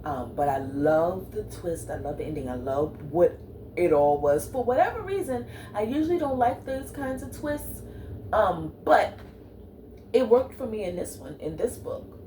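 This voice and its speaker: A woman's voice: on the low side, sing-song, measured pace, mellow, slight background noise, low-quality recording. A woman book vlogger in casual, chatty talk with sassy asides, at home. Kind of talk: casual chat.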